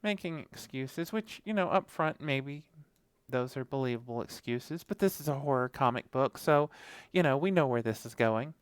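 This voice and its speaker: A man's voice: medium pitch, expressive, moderate pace, clean tone, no room sound. A man co-hosting a horror podcast, chatting casually and rambling with lots of fillers. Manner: rambling, many fillers, acts out characters' lines. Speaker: podcast co-host. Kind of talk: casual chat reviewing a horror comic.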